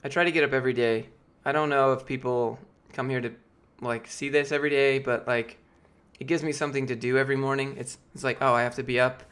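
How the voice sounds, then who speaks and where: A Georgia man in his late twenties, losing his voice, rambles loosely while answering his live-stream chat, with many fillers and restarts. His medium-pitched voice is clear, resonant, and fairly bright, with fairly even intonation, and he talks quickly with few pauses.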